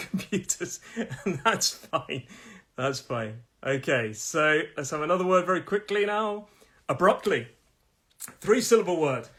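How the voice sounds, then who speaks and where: Middle-aged english guy teaching pronunciation live, bit higher voice, chatty, voice going a little. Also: fairly bright tone, slightly rough. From England. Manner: chatty, repeats each word slowly, laughs at own jokes. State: losing his voice. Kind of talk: live-streamed pronunciation lesson.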